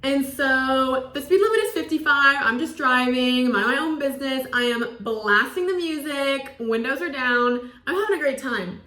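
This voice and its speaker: A young woman in her twenties tells a story in a loose, chatty way, filling her lines with "like". Her voice is bright and sits a little high. The room around her rings with echo. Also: normal speed, few pauses. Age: 20s. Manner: chatty, peppered with "like", acts out quoted lines. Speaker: college student. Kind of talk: casual storytelling. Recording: roomy echo.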